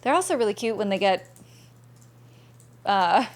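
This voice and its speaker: A woman's voice: medium pitch, moderate pace, long pauses. A young woman streaming a game, chatting casually and bubbly with viewers and thanking them by name.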